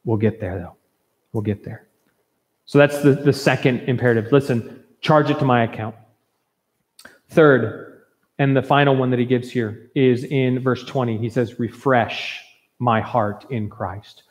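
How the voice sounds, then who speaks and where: A man preaching a sermon as pastor, earnest and emphatic, with warm conversational asides. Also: medium pitch, fairly even intonation, moderate pace, pauses often, in a large hall. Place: church sanctuary.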